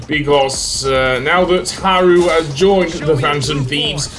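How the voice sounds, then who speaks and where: A man's voice: on the high side, takes it slowly, fairly bright tone, soft background music. Rambling man narrating gameplay. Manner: rambling, many fillers and self-corrections. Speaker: let's play host. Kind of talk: casual gameplay commentary.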